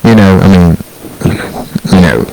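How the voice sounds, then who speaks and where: A man's voice: deep voice, expressive, measured pace, gravelly, warm tone, poor audio. A middle-aged man hosting a solo online show, ranting bluntly and profanely, rambling with restarts and asides.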